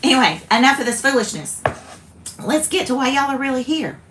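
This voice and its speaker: A woman from South Carolina hosts a chatty, rambling craft video as casual chat, often interrupting herself. Her high voice is sing-song, a little fast, and fairly bright in tone. A little hiss or hum sits in the recording.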